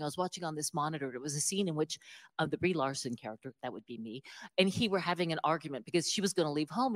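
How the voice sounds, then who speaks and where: A woman with a slightly low voice tells stories as an author guest in an interview. She talks in an animated, self-deprecating way, with frequent laughter. Her voice sits a little lower than most women's. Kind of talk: conversational interview storytelling.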